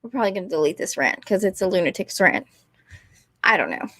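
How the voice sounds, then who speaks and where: A woman's voice: mid-range voice, animated, fast, pushed and bright, no echo, clean studio sound. A young woman, ranting casually and rambling, often apologizing and putting herself down. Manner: rambling, apologetic, self-deprecating. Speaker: vlogger.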